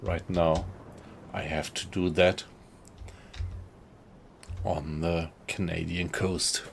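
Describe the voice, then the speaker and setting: Low slow-talking guy streaming a game, earnest, chatting to his viewers. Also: flat delivery, vocal fry, slight background noise. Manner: earnest, addressing viewers directly. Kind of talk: live gameplay stream commentary.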